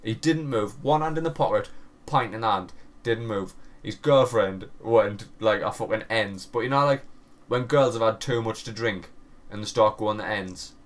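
A man's voice: on the low side, moderate pace. A man in his thirties co-hosting a podcast, telling stories in casual chat with lots of swearing and laughter. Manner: animated storyteller, heavy swearing, frequent laughter. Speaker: podcast co-host.

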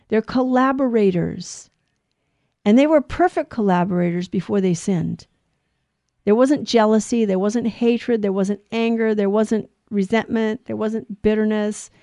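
A woman's voice: mid-range voice, mellow, no room sound. A woman giving a scripture talk, telling Bible stories and acting out the characters' lines with light laughs between points. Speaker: Bible teacher.

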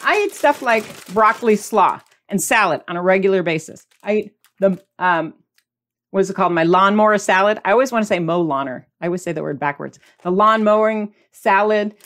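A woman hosting a podcast in a casual, animated and emphatic monologue. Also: medium pitch, a little fast. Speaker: podcast host.

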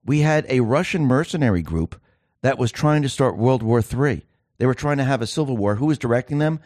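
A man's voice: medium pitch, expressive, brisk, darkish tone, no echo, studio quality. A man hosting a political commentary monologue, talking emphatically and firing off rhetorical questions. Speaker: show host.

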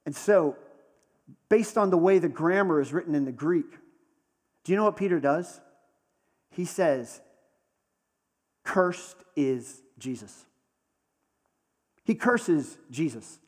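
A man preaching in a slightly high voice, telling the story conversationally and leaning into dramatic pauses. His voice carries a long reverb, as if he is speaking in a large hall. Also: expressive, breathy edge. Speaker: pastor. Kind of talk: sermon.

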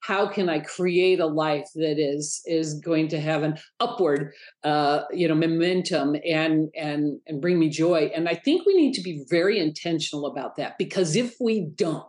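Woman, middle-aged, guest author, animated storyteller, slightly low voice, mimics others in a high pitch. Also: moderate pace. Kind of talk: storytelling interview talk.

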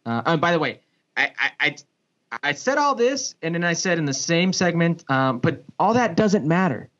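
A man, a sports broadcaster and former pro soccer player, telling a story in a casual podcast chat, with big pitch swings and frequent restarts. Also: big pitch swings, normal speed, fairly bright tone. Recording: dull lo-fi podcast audio.

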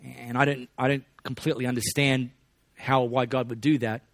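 A man preaching a sermon in a relaxed, conversational way, with joking asides to the congregation. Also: medium pitch, fairly quick, no echo. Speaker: pastor.

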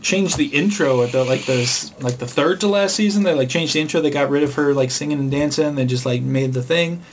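A man's voice: on the high side, brisk, a little hiss or hum. A man co-hosting a podcast in casual chat, rambling and retelling funny clips in jumpy voices. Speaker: podcast co-host.

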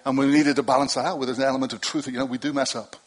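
Preaching to a congregation in a church hall, this middle-aged pastor keeps his sermon conversational, slipping in asides and self-deprecating humor. He speaks at a racing pace in a medium-pitched voice that barely moves in pitch.

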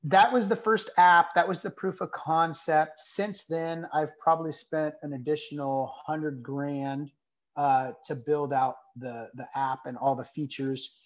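A man's voice: on the high side, fairly even intonation, measured pace. Man, nonprofit founder, earnest, rambling with fillers, slightly dull muffled sound. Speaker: nonprofit founder telling his story. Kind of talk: personal storytelling in a conversation.

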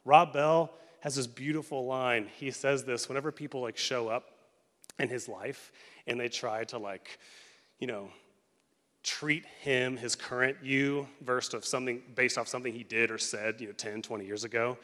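Male pastor, thirties, conversational animated sermon, mid-pitched, big hall reverb. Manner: casual, animated preaching with quick acted quotes. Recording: long reverb of a large hall.

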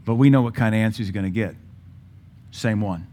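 A man in his forties preaching a sermon with passion, using dramatic pauses and acting out voices from scripture. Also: on the low side, dark tone. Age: 40s. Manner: impassioned, dramatic pauses, mimics Bible voices.

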